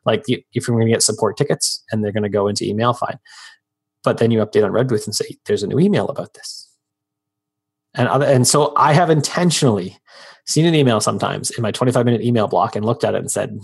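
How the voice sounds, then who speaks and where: Quick, gravelly-voiced man telling stories. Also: mid-range voice. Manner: fast, storytelling with acted-out quotes. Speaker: guest, freelance business owner. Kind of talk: casual podcast conversation.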